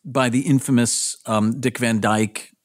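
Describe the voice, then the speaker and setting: A man's voice: medium pitch, steady tone, measured pace, no room sound. Earnest man co-host, dry sound. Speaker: podcast co-host. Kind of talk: casual chat.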